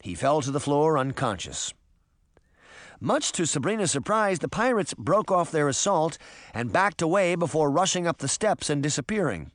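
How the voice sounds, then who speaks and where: Guy reading an adventure audiobook, lively ups and downs, dry close sound. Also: on the high side, moderate pace, no echo. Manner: expressive, varied reading. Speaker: narrator. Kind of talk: audiobook narration.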